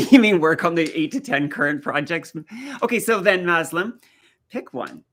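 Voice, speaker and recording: A man's voice: fairly high pitch, animated, measured pace, pushed and bright. A man from rural eastern Canada hosting a live stream in casual chat, telling stories and answering viewer comments. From rural east coast of Canada.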